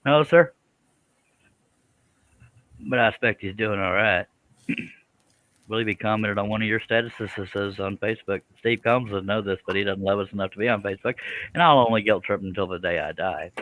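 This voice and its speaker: A man's voice: fairly low pitch, moderate pace, long pauses, fairly bright tone, no room sound, rough recording. A man hosting a casual live stream, joking and mocking himself as he rambles. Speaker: host of a woodworking live stream.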